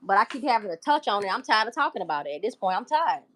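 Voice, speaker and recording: A woman's voice: medium pitch, sing-song, fast, fairly bright tone. A woman hosting a livestream in casual chat, talking bluntly, emphatically and with profanity. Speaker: livestream host.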